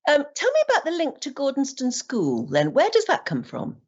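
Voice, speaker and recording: A woman's voice: high-pitched, huge pitch swings, moderate pace. A woman from Britain who is a journalist, interviewing guests and prompting them with questions. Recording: dull lo-fi sound.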